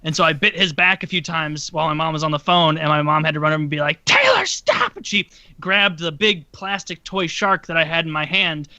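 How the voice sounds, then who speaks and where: A man co-hosting a podcast, telling an energetic, laughing childhood story. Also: fairly high pitch, fairly quick, no room sound, highs cut off. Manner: energetic, bright, laughing narration. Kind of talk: casual storytelling.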